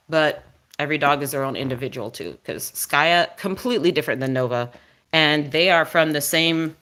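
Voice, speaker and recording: A woman's voice: low-pitched, a bit bright. A woman chatting on a casual live stream, explaining dog breeds to viewers and cooing at her dog between remarks.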